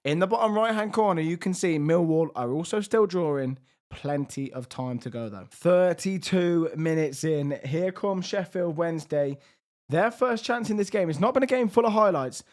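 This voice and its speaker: Young male game commentator, slightly high voice, strained, swings hushed to excited. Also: normal speed. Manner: lively, shifts between hushed and excited. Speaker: gaming YouTuber.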